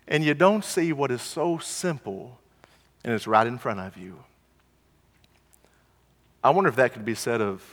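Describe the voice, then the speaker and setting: A man's voice: on the high side, fairly bright tone, big-room sound. A man preaching a sermon, earnest and repeating his phrases, reading scripture and acting out the people in it. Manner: earnest, repeats phrases, voices the Pharisees mockingly.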